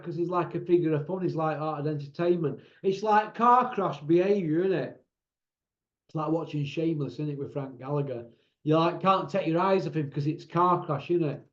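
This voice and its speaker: A man giving a casual, rambling monologue as a boxing pundit, opinionated and full of tag questions. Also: a little high. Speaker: boxing pundit and channel host. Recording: roomy, dull lo-fi sound.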